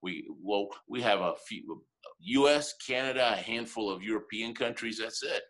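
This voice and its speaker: A man in his fifties speaks with a somewhat low voice. He tells his story as a guest in an interview, in a lively way, chuckling often and breaking off to restart his sentences. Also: moderate pace. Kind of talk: animated storytelling in conversation.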